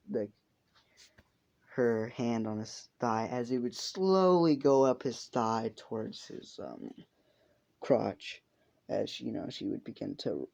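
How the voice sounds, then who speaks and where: A man's voice: medium pitch, creaky, dark tone. A man narrating an improvised fan story in a rambling way, full of fillers and swearing. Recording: muffled lo-fi recording.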